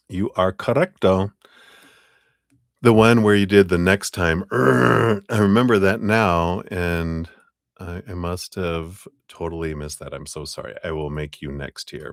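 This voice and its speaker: A deep, gravelly male voice with a dry, close-miked sound. He hosts a live tarot stream and keeps up chatty, apologetic banter as he works through his list, laughing easily. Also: slow, pauses often, dry recording. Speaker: tarot reader hosting live readings. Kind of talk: casual live-stream chat.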